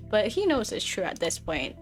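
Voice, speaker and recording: A woman giving casual, playful let's-play commentary on a life-simulation game, chatting and laughing often. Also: medium pitch. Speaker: gaming video creator.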